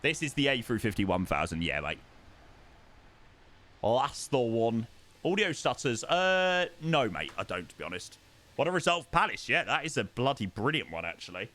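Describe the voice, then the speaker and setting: A man's voice: mid-range voice, very animated, normal speed, sharp tone. A young man, chatting casually with viewers on a live stream and thanking them by name.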